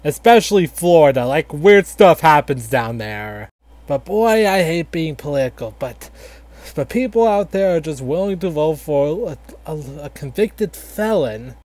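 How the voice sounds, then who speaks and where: Man doing a rambling, high-voiced grandpa fox. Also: animated, darkish tone. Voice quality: halting, filler-heavy, lots of likes and restarts. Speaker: storyteller grandfather. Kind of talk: casual satirical storytelling.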